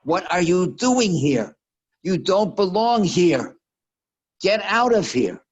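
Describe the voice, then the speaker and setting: Guy acting out an angry lady yelling at someone to get out, shouty, high and harsh. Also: very animated, takes it slowly, husky, dull audio, exaggerated voice. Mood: furious. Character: angry woman guarding an office room.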